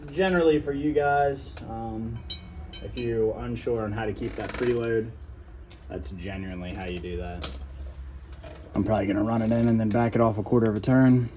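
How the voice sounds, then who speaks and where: A man with a fairly low voice talks viewers through a truck repair in a garage. His delivery is casual and loose, full of fillers, and there is a faint noise behind him. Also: warm tone. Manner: chatty, loose, addresses viewers as guys, many fillers. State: out of breath at times. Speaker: DIY mechanic. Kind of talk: casual how-to narration while working. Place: home garage.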